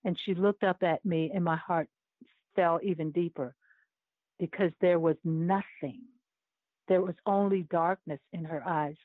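A woman's voice: on the low side, steady tone, a little slow, dry recording. Older woman telling a story over a tinny line. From United States. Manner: earnest, emotionally moved storytelling. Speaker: guest, Olympic chaplain. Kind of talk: personal storytelling in an interview. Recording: tinny phone-like line, dry.

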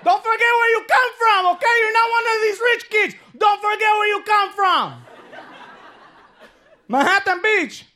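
A man voicing his exasperated immigrant father, shouting. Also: a little slow, slight background noise, heavily acted. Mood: scolding. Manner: shouting, high and strained.

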